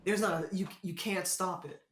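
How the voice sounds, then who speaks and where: A woman guest in a casual interview, telling stories in an animated way, often laughing. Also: lowish voice, moderate pace, echoey room. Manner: animated storyteller who laughs often and does voices. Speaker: guest, former basketball player and commentator.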